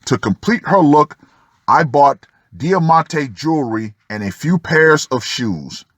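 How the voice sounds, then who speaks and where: A man's voice: fairly high pitch, lively intonation, slow pace, fairly bright tone, no room sound, clean studio sound. A man reading a first-person article aloud and breaking off for sardonic asides to the listener. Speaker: channel host reading an article.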